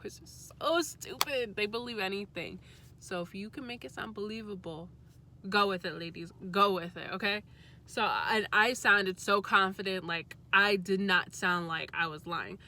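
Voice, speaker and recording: A young adult woman vlogger telling a story in a casual, chatty way, candid and quick to swear. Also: mid-range voice, bright, forceful tone, slight background noise.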